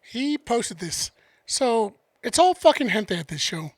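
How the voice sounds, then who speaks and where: A man's voice: very high-pitched, big pitch swings, unhurried, dry recording. A man co-hosting a podcast, telling a story in laid-back casual chat with casual swearing. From United States. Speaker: podcast co-host.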